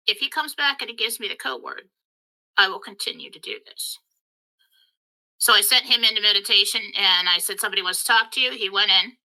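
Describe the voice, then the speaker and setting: Bright-voiced excitable woman. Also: medium pitch, poor audio. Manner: excitable, emotional, rushing through her story. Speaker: spiritual channel host. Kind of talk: casual storytelling monologue.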